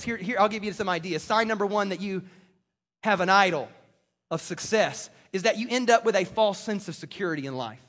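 A man preaching a sermon as pastor, emphatic and full of quick restarts, in a church. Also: high-pitched, fairly bright tone. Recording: long reverb of a large hall.

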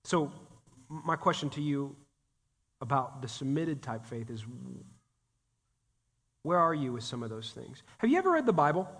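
A man giving a conversational sermon as a guest pastor, animated and talking directly to the congregation. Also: mid-range voice, normal speed, pauses often, breathy edge. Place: church sanctuary. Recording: long reverb of a church hall.

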